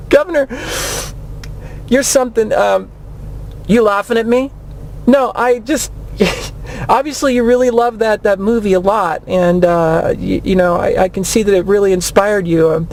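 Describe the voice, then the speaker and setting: A woman's voice: medium pitch, measured pace, pauses often, darkish tone, a little hiss or hum. A woman talk radio host interviewing a guest in a comedy sketch, mock-polite and teasing.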